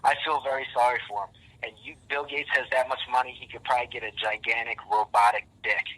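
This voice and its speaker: A man's voice: mid-range voice, little pitch movement, fast, sharp tone, low-quality recording. A man on a casual podcast who rambles intensely and restarts his words often. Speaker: podcast guest.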